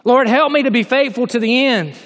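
A man's voice: very high-pitched, brisk, a bit bright, big-room sound, pitched above the performer's own voice. A preacher voicing an old man who prays earnestly, surrendering himself to God. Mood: prayerful. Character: old man praying quietly in a lions' den.

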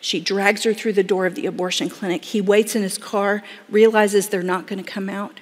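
Woman, dramatic storyteller, acts out quoted voices, middle pitch, long hall reverb. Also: steady tone, moderate pace. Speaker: speaker telling a story to an audience. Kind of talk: emotional storytelling talk.

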